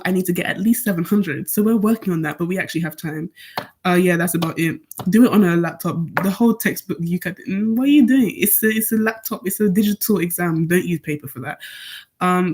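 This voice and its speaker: A woman's voice: fairly low pitch, a little mellow. A seventeen-year-old woman from Nigeria chatting casually on a study live stream, rambling as she answers questions from her viewers. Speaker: student streamer.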